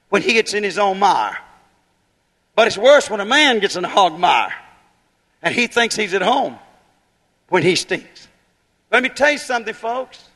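A man's voice: very high voice, fairly bright tone, long reverb tail. A man preaching a fiery holiness sermon, building to emphatic bursts and firing rhetorical questions at the congregation.

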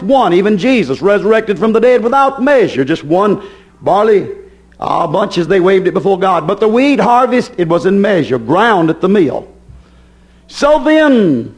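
A man preaching a sermon with fervor, building emphatic repetitions. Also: high-pitched.

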